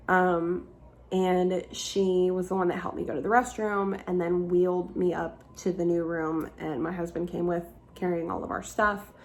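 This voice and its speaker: A woman's voice: lowish voice, darkish tone. A young woman vlogger telling a story in a casual, chatty way, full of "like" fillers and the odd swear word.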